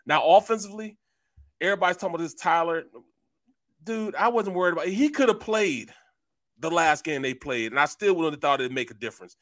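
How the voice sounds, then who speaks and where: A man co-hosting a casual sports talk show, an animated storyteller who repeats phrases for emphasis. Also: fairly high pitch, fairly quick, no echo, studio quality. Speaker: sports radio co-host.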